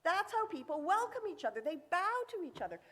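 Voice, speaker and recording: A woman's voice: extremely high pitch, sing-song, fairly quick, a bit bright. A woman giving a sermon in a synagogue sanctuary, telling a story with vivid acted-out quotes and rhetorical questions. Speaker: sermon speaker. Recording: echoey hall.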